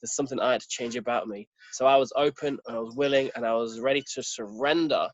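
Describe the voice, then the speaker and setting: A man's voice: mid-range voice, quick pace, no echo, dull audio. A man as a podcast guest, earnestly telling a personal story in casual talk and acting out quoted dialogue.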